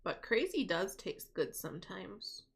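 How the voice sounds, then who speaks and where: Young woman DM, casual and giggly, lively pitch. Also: unhurried, slightly rough. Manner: chatty and giggly, snacking while talking. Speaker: game master. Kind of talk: casual narration of a tabletop game.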